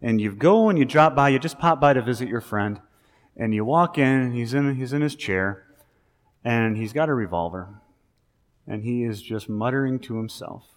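Male pastor, mid-pitched voice, casual animated sermon, long hall reverb. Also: normal speed. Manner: conversational, animated preaching with rising emphasis.

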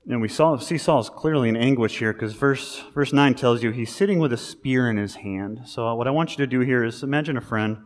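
A man's voice: mid-range voice, brisk, few pauses. Man preaching in a reverberant hall. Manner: conversational, animated preaching with rising emphasis. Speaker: pastor. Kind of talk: sermon. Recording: long reverb of a large hall.

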